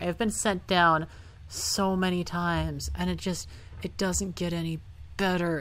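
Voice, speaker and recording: A woman's voice: lowish voice, fairly even intonation, slow pace. A young woman playing a hard computer game and talking casually through it, often frustrated and swearing. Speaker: gaming YouTuber. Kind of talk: casual let's-play commentary.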